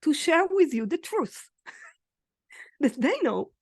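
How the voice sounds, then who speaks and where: A woman from Israel with an Israeli accent, speaking as an interview guest, animated and often laughing as she acts out what people say to her. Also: high voice, slow, dry recording, clean studio sound. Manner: animated, laughing, acting out quoted remarks. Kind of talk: conversational interview.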